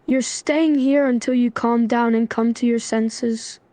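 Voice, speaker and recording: A stern, stubborn young man scolding someone, read by a synthetic woman's voice. The delivery stays flat and even, a bit high. The sound is dry and close. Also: a little slow, no echo, natural voice.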